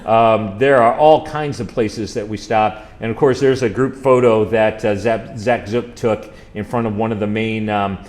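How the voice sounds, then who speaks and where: A man's voice: on the low side, fairly even intonation, unhurried, few pauses, darkish tone. A man, a college chaplain, telling stories over slides and quizzing a live audience in a chatty way. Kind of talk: slide-show trip presentation.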